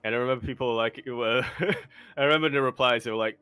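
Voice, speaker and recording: A man with a bright, forward voice rambles through esports results on a podcast, full of jokey asides. The talk is loose and casual. Faint music sits underneath. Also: medium pitch, fast talker, smooth, no room sound. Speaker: podcast co-host.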